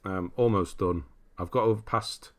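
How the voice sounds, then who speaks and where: During an easygoing livestream, a low- and deep-voiced British man responds to viewer comments one at a time, reading them aloud. He speaks at normal speed, chatting casually with plenty of laughter.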